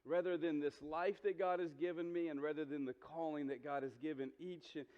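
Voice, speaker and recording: A man's voice: fairly high pitch, steady tone, fairly quick. A man in his forties preaching a sermon as a pastor, earnest and direct, often repeating words as he starts a sentence and asking the congregation questions. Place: church sanctuary. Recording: dull sound with long hall reverb.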